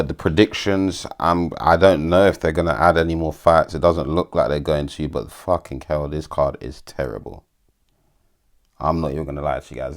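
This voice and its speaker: Brief: male vlogger, very low voice, loose sweary talk. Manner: rambling, swears freely, stumbles over names. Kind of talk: casual commentary.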